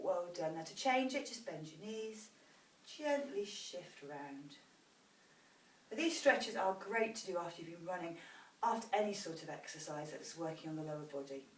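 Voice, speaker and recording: A woman's voice: fairly low pitch, far from the mic. A woman fitness instructor guiding a post-run stretching routine, demonstrating each stretch as she encourages the viewer. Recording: roomy sound from off-mic with faint noise.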